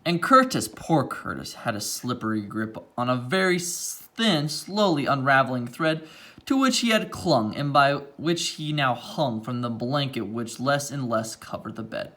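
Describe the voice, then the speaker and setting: Guy reading a rhyming kids book out loud, voice jumps around a lot, stops to comment on pages. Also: mid-range voice. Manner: expressive reading, pausing for quiet asides about the book. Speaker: student reading a picture book aloud. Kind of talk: reading a rhyming storybook aloud.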